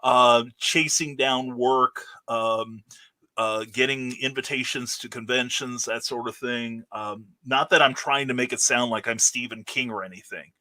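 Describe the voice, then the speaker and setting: Bright, animated male storyteller. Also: medium pitch, unhurried. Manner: animated storyteller, many fillers. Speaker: guest author. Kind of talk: casual interview talk.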